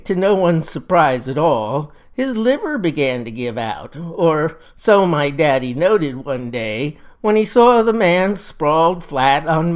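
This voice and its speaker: A grandiloquent old Mississippi farmer, as a man puts him on, talking. He lays out his views in mock-genteel, rambling sentences, in the manner of a satirical comic monologue. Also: on the high side. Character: folksy older male Mississippi farmer, pompous crank.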